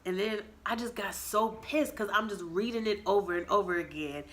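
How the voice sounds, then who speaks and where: A woman's voice: medium pitch, normal speed. Dramatic young woman telling a story. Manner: animated, dramatic storytelling with sound effects and acted quotes. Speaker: vlogger. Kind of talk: storytime vlog.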